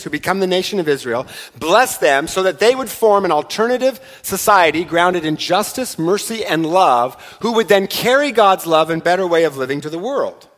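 A man's voice: high voice, a bit bright. A middle-aged man preaches a sermon in a church, his voice carrying a long hall reverb. He speaks in a slightly raised register with an easy, conversational manner, teasing his congregation between points. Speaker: pastor. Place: church sanctuary.

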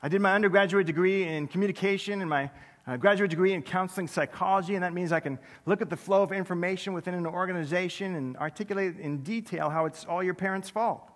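A man preaching a sermon as pastor, conversational and self-deprecating, with quick humorous asides. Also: high voice, in a large hall. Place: large church sanctuary.

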